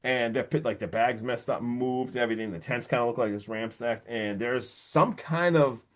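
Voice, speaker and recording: A man hosting a podcast, recapping a horror film in a casual, animated way, with loose swearing and a lot of buildup before each reveal. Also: mid-range voice, moderate pace. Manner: animated storytelling, casual swearing, repeats "guess what".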